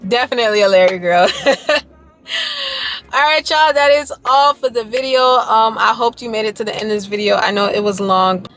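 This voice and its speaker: A woman's voice: a little high, moderate pace, long pauses, fairly bright tone, faint music behind. A young woman vlogging to her viewers in a casual, rambling way, earnest and emotional about her dance journey. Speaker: YouTuber and dancer. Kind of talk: casual vlog chat to viewers.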